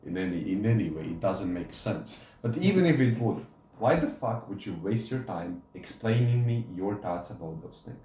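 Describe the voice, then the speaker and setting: A man's voice: fairly low pitch, expressive, moderate pace, mellow, slight background noise. A young man co-hosting a podcast, ranting bluntly and with plenty of swearing in casual talk. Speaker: podcast co-host. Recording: roomy echo.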